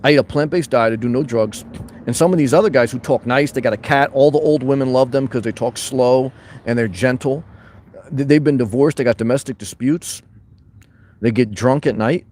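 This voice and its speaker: A man hosting a casual livestream from his van, reading chat comments aloud, loud and boisterous at times, calm at others. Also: medium pitch. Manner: loud, boisterous, shifting between fired-up and calm.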